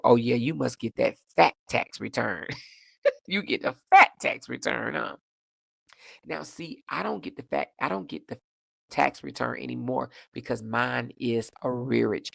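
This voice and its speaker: A woman hosting a casual livestream, reading viewer comments aloud in a sassy, animated way, laughing often and jumping up in pitch for emphasis. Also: gravelly, no room sound, studio quality. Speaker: livestream host.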